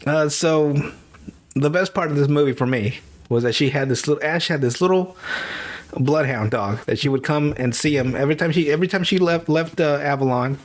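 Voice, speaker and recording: A podcast host recaps a movie's plot casually, loose and profane, laughing through his animated storytelling. He speaks a little fast in a fairly high voice.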